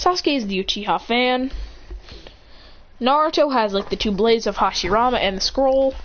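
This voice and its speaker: Woman, fairly high voice, rambling storyteller, self-corrections, dull lo-fi recording. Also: moderate pace. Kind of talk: casual improvised storytelling.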